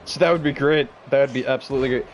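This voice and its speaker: A man hosting a stream and calling video game wrestling play by play, excitable and shouting the big moves while chatting with viewers. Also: medium pitch, racing, a little hiss or hum. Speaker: stream host and play-by-play commentator.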